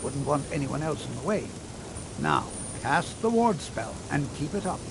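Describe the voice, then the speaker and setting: A gentle old wizard instructor from a fantasy video game, lecturing his class with a lively, rising and falling voice and a gravelly crackle. Slightly high for an old man. Steady background noise runs under the game audio. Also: moderate pace. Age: older. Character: patient, kindly old male wizard teacher. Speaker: magic instructor.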